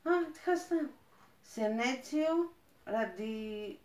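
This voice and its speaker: A woman from Greece with a Greek accent, chatting as she unboxes plants, gushing and halting with fillers. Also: sits high, expressive, a little mellow, reverberant. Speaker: plant vlogger. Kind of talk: casual unboxing chat.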